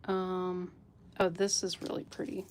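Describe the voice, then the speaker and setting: Woman doing a chatty live jewelry sale, slow unhurried talk, laughs a lot. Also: on the low side, monotone, slight background noise. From United States. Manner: chatty, laughs often, greets viewers by name. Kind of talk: casual live-stream selling chat.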